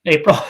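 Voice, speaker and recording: A man with a somewhat high voice co-hosting a casual podcast. He rambles loosely, drops crude jokes and swears freely. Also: sharp tone. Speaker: podcast co-host.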